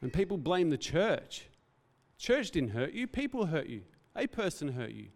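An earnest man preaches, his voice sitting a little high for a man. He talks in a reflective, heartfelt way and speaks off the cuff. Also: sing-song, normal speed, creaky, in a large hall. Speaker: pastor. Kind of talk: sermon.

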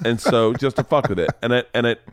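A man's voice: medium pitch, quick pace, clear, resonant tone, no echo, studio quality. A man hosting a podcast, chatting casually and laughing along with his guest. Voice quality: laughs along, short backchannel replies. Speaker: podcast host. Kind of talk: casual chat.

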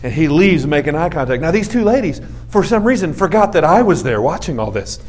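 A man's voice: a little high, very animated, brisk, darkish tone. A man in his forties preaching to a young audience, telling a story with comic self-mockery and acting out the scenes. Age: 40s. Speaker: youth speaker. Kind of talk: storytelling sermon.

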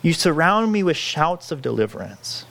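A male pastor delivering a sermon in an earnest, pleading way. His voice sits a little high for a man and swings widely in pitch. He often restarts his phrases mid-thought. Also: sing-song, normal speed, vocal fry, a bit bright, slight background noise. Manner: earnest, pleading, self-correcting with frequent restarts.

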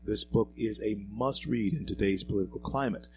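A low-pitched man hosts a political talk show, talking in a preachy, fired-up way that keeps climbing into loud, emphatic outbursts. Between those outbursts he reads quotes aloud with stray fillers and restarts. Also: moderate pace, a little hiss or hum, poor audio. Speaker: show host. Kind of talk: political commentary monologue.

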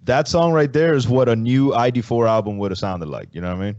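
A man's voice: mid-range voice, fairly quick, a little mellow, no echo, muffled recording. A man in casual chat, laid-back and profane, reminiscing about rapping when young. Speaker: former rapper.

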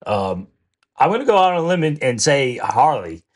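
A man talking in a rambling, animated way in a casual podcast chat, swearing now and then. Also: mid-range voice, normal speed. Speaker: podcast co-host.

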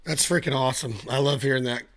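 A man hosting a podcast, talking casually and enthusiastically, halting and restarting as he goes. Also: medium pitch, fairly even intonation, a bit bright. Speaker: podcast host. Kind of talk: casual chat.

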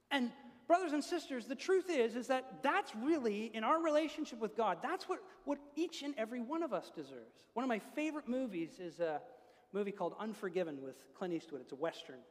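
High-voiced preacher in a reverberant hall. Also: male voice. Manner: earnest, builds to emphatic peaks. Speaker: pastor. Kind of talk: sermon. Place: church. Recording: long reverb of a church hall.

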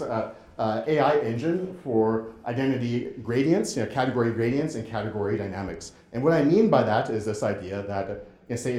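A man giving a lecture and running an interactive game demo, talking in a halting way with many restarts. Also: mid-range voice, warm tone, roomy sound. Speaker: presenter.

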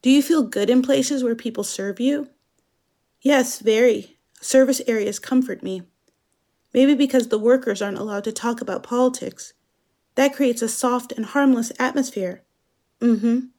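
Speaking as the narrator, a German woman performs a scripted dramatic monologue in a fairly high voice. Her delivery is slow, measured and introspective, with a dark tone.

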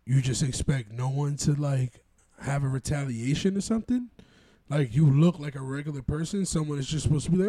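A young man, co-hosting a casual podcast chat in a laid-back, agreeing way that trails off quietly. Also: on the high side, fairly quick. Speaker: podcast co-host.

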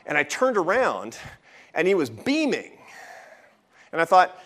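A man's voice: on the high side, wildly swooping pitch, a little slow, a bit bright. A man in his fifties giving a lecture at a festival, telling a personal story with jokey asides. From United States. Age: 50s.

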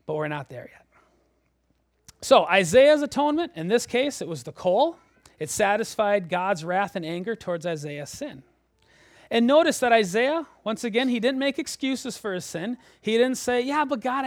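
High-voiced animated male preacher. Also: no echo. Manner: animated, swings between loud emphasis and hushed low lines. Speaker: pastor. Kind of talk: sermon.

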